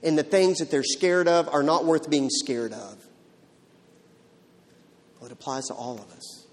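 Pastor, male, slightly high voice, emphatic sermon delivery full of rhetorical questions, long hall reverb. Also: expressive, unhurried.

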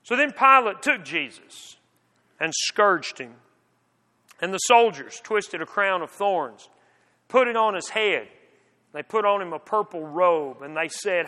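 A man giving an expressive, dramatic reading of scripture as narrator. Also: high voice, moderate pace. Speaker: scripture reader. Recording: long hall reverb.

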